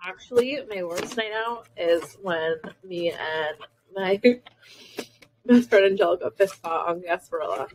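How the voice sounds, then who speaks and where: A woman's voice: lowish voice, slow, slight background noise, poor audio. Playful young woman co-hosting a podcast. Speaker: podcast co-host. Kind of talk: casual chat.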